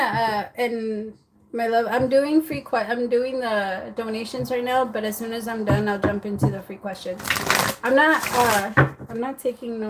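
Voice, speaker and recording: A chatty woman doing a relaxed livestream tarot reading. She giggles often and fills her talk with fillers, trailing off and starting sentences over. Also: fairly high pitch, noisy background. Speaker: tarot reader.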